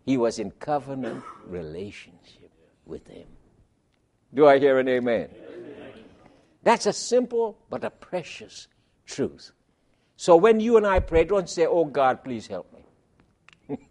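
A man preaching a sermon, emphatic, asking rhetorical questions and swinging between loud and soft. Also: medium pitch, animated, measured pace, pauses often.

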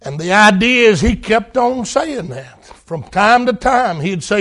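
Man, middle-aged, preacher, sermon, high-pitched, slow, impassioned, crying out then hushed. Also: expressive.

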